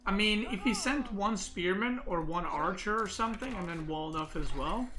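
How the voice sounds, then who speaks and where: A man giving casual commentary on a recorded match, thinking out loud with lots of "like" and "right?" fillers. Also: high voice, lively intonation, normal speed. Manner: thinks aloud, filler-heavy, says "like" and "right?" a lot. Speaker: game analysis host.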